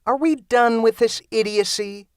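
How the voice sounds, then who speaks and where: A man's voice: extremely high pitch, a little slow, smooth, no room sound, pitched above the performer's own voice. A man doing a sarcastic, doubting young guy. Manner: dry, sarcastic.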